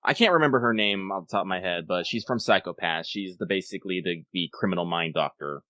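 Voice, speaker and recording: Relaxed laughing man, dry mic. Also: low-pitched, fast talker, no echo. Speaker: podcast co-host. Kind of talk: casual chat.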